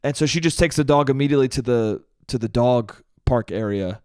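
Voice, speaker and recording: A man's voice: mid-range voice, brisk, a little mellow, smooth, no room sound, clean studio sound. Rambling man telling a funny story. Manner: rambling, laughs at own stories, says "dude" a lot. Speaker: podcast host. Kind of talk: solo comedic storytelling.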